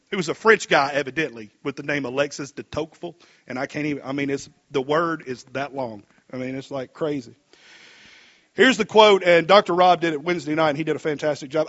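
A man preaching in a church with a high, bright voice, rambling through fillers and then building to emphatic peaks. The recording sounds dull and lo-fi. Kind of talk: sermon.

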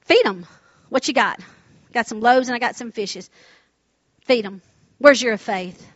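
A woman acting out a calm, steady male teacher who gives quiet, low-key commands. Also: unhurried, no echo, dull audio, heavily acted. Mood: matter-of-fact.

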